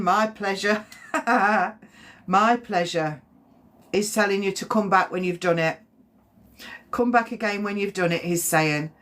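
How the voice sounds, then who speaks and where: Woman, medium on a live stream, lowish voice, halting, repeats herself, gentle and reassuring. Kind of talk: live-stream spirit reading.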